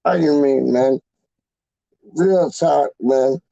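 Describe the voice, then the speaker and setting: A man's voice: medium pitch, slow, vocal fry, warm tone, no room sound, muffled recording. A man hosting a casual livestream, rambling in slang and repeating himself as he talks to his live chat. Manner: slangy and repetitive, calls people "dog" and "man". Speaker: fan channel livestream host.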